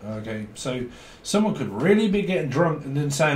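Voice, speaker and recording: A man's voice: fairly high pitch, big pitch swings, normal speed, a little mellow, reverberant, slight background noise. Giggly rambling man. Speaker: tarot reader. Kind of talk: rambling tarot reading.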